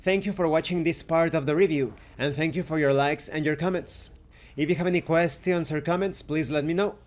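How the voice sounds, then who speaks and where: A man's voice: on the high side, steady tone, a little fast. A man hosting a tabletop game review channel, reading lore aloud in an earnest storytelling way and then thanking his viewers. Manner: stops to correct his own pronunciation.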